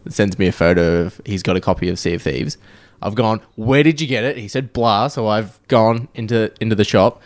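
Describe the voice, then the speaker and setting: A man's voice: lowish voice, brisk, no room sound. A man co-hosting a podcast, telling a rambling story in casual chat and swearing now and then. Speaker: podcast co-host.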